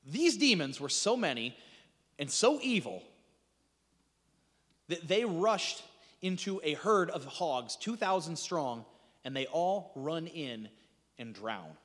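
A man's voice: a little high, very animated, slow pace, long pauses, fairly bright tone, long reverb tail. A man preaching a sermon as pastor, conversational, restarting phrases and asking the congregation rhetorical questions.

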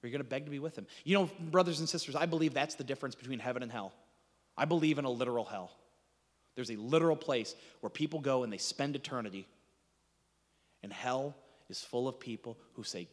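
A man preaching a sermon, dramatic, acting out quoted voices and dropping to a hushed intensity. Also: mid-range voice, fast, in a large hall.

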